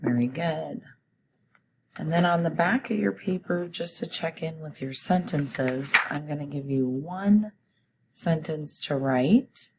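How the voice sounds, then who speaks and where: A woman teacher giving a recorded spelling test, reading each word slowly and deliberately and pronouncing it clearly. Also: deep voice, noisy background. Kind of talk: recorded classroom spelling dictation.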